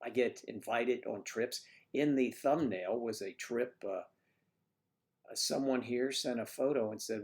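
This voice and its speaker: An older man hosts a casual livestream and chats with viewers in a relaxed back-and-forth. His talk is wry and self-mocking. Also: mid-range voice, slow, pauses often. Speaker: livestream host. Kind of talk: casual chat with live viewers. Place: home in Florida.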